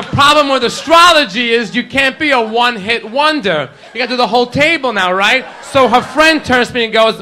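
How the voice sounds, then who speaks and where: A man doing a stand-up routine in a comedy club, brash and working the crowd, shouting his punchlines. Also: very high voice, expressive, normal speed, hardly any pauses. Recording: live club with crowd laughter and ambient noise.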